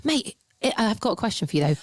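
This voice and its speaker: An English woman co-hosting a podcast, teasing her friend in relaxed chat. Her pitch swings widely as she talks. Her delivery is expressive and playful. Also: a little fast, no room sound. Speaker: podcast co-host. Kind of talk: casual chat.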